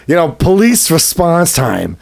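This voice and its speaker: A man's voice: on the high side, a little slow, creaky. A man co-hosting a casual podcast, telling an anecdote with lots of laughter and acted-out quotes. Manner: animated, laughs often, acts out quotes. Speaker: podcast co-host. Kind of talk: casual storytelling chat. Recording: studio podcast mic.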